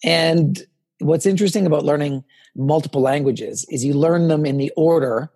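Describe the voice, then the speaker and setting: A man in his fifties, a podcast guest telling personal stories in a lively way and acting out what people said to him. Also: a little high, normal speed, husky. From Canada. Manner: animated storyteller, acts out quoted dialogue. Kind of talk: personal storytelling in a podcast interview.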